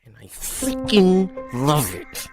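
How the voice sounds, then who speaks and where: Playful, lively man reacting to videos. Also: fairly high pitch, normal speed, over music. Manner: playful, joking, loud outbursts. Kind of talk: comedic reaction commentary.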